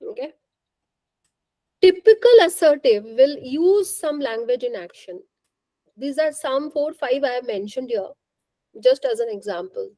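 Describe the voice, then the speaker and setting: Woman trainer, high mellow voice, dry close sound, coaching questions to the room. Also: animated, measured pace, long pauses, no echo, poor audio. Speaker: workshop trainer. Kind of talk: interactive faculty workshop talk.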